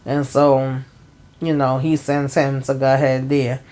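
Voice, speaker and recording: A woman's voice: extremely low pitch, little pitch movement, unhurried, warm tone. A woman giving a casual, rambling recap of a TV episode, full of fillers like "um" and "you know" and talking straight to her viewers. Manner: chatty, speaks to viewers directly. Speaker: TV show recap host.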